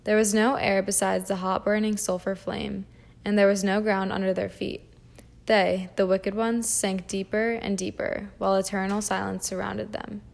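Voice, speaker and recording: A woman reading a fairy tale aloud at a measured pace, with small slips and restarts. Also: mid-range voice, gravelly. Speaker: audiobook reader. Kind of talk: storybook reading.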